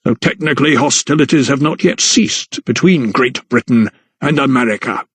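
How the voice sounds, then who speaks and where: A man voicing a large, pompous male lawyer who sneers, gloats and pauses for effect. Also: medium pitch, husky, dry recording, lightly acted. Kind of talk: audiobook character voice.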